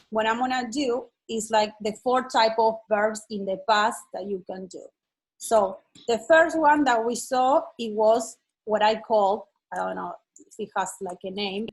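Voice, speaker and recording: A woman's voice: medium pitch, husky, low-quality recording. A woman teaching an online lesson, explaining patiently and checking that her student follows. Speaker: Spanish teacher.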